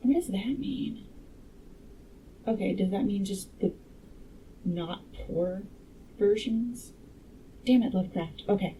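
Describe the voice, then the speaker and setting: A woman's voice: mid-range voice, slow, pauses often, warm tone, a little hiss or hum, low-quality recording. A woman reading a classic horror story aloud and breaking off for wry, sarcastic comments. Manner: wry, sarcastic asides between passages. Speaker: audiobook reader and commentator.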